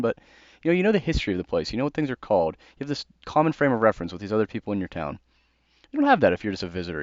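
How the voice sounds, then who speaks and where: Speaking in a lowish, darkish voice, a young American host offers earnest, casual thoughts on a book, full of conversational fillers. There's no room sound, and the lo-fi recording is dull and dry.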